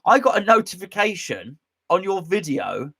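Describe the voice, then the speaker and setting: A man's voice: sits high, sing-song, moderate pace, vocal fry, bright, forceful tone, husky. A man hosting a casual live stream from his home man cave, rambling and joking as he reads out chat comments. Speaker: host.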